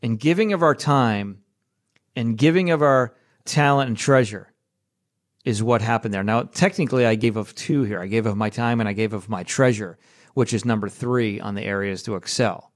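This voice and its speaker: A conversational man in his thirties shares a story about faith and giving. His voice sits at an ordinary pitch, and he talks in a loose, friendly way, tossing in quick asides and tag questions. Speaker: podcast host. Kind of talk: casual faith-based storytelling.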